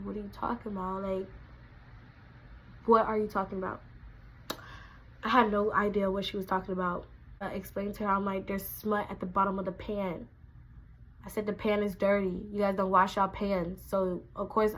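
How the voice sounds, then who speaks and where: A young woman, telling a casual storytime, animated and acting out quotes in a raised voice. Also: mid-range voice, fairly quick, low-quality recording. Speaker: vlogger.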